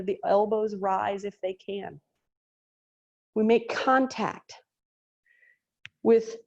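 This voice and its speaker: A woman's voice: mid-range voice, darkish tone, lo-fi sound. A woman teaching a chair yoga class over a video call, giving breathing and posture cues with chatty, joking asides. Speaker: yoga instructor.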